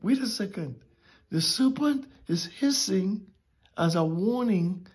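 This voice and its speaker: A woman preaching a sermon, emphatic and drawn-out with dramatic pauses. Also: mid-range voice, expressive, darkish tone, breathy edge.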